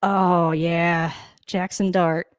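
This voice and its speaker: A woman hosting a casual live football reaction, excitable and swearing, often laughing and talking straight to the coach. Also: lowish voice, drawn-out words, clear, resonant tone, dry recording, studio quality. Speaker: sports reaction host. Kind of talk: casual live game commentary.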